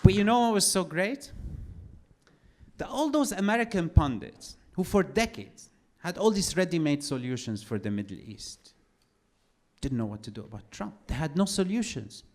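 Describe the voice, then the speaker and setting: A man doing a stand-up comedy set, telling his story with sardonic, animated delivery. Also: fairly high pitch, moderate pace.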